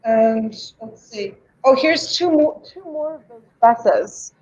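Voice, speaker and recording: A woman's voice: on the high side, expressive, slow pace, a little mellow, husky. Chatty woman on a muffled livestream. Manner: chatty, stumbling, repeats words. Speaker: livestream seller. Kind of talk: casual live-sale chat.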